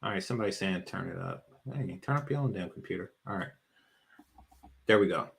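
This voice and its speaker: A man hosting a live stream, making blunt, crude and profane rapid-fire comments. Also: low-pitched, lively intonation, vocal fry. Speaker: stream host reacting to a clip.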